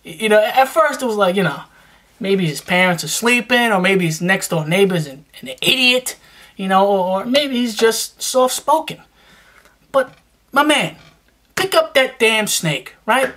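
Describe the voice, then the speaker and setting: Pushed, bright and expressive, this young New Yorker's voice sits high as he moves at a moderate pace. He's a reptile-keeping YouTuber handing out shout-outs in a casual vlog, rambling and slangy with lots of fillers and restarts.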